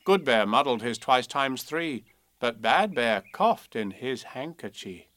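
A man reading children's poems and a storybook aloud in a measured, expressive way. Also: mid-range voice, dry recording. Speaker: narrator.

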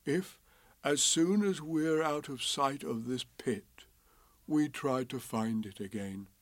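A man voicing a slow, gentle, dreamy male bear in a storybook, speaking softly and ponderously. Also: medium pitch, dry recording, lightly acted.

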